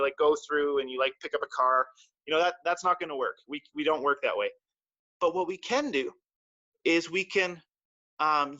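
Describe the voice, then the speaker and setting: A man's voice: fairly high pitch, sharp tone, no room sound, lo-fi sound. A martial arts teacher, a man, giving a playful lesson to children and acting out little voices. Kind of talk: talk to children in class. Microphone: livestream mic.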